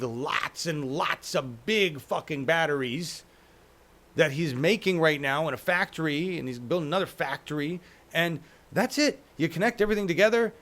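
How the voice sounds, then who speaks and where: A chatty male host who talks about politics in a loose, profane way and keeps checking in with "right?". His voice sits a bit higher than most men's. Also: a bit bright. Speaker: show host. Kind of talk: casual political chat.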